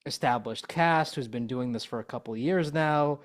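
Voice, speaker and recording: A man's voice: medium pitch, moderate pace. Chatty male podcast host. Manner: chatty, loose phrasing. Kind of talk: casual interview chat.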